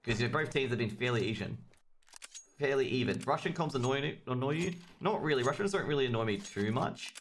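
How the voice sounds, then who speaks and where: A faint hiss or hum sits under this Australian man's medium-pitched voice as he calls a video game match live by himself. He's fast and conversational, gets worked up on big plays and jokes around with his chat.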